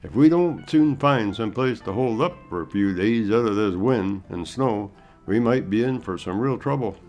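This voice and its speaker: A man's voice: on the low side, animated, normal speed, darkish tone, soft background music, voice pushed up, close to an everyday voice. Man doing a grumbling old frontier guide. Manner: folksy drawl, complaining.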